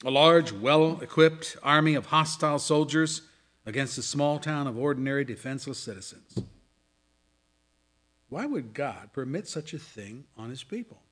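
A man preaching a sermon, swinging between loud dramatic scripture reading and hushed asides. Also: medium pitch, expressive, moderate pace. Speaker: pastor. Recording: audio of a sermon.

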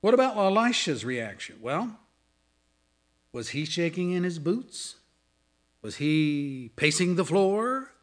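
A man preaching a sermon, swinging between loud dramatic scripture reading and hushed asides. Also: a little high, big pitch swings, slow, pauses often. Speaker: pastor. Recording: audio of a sermon.

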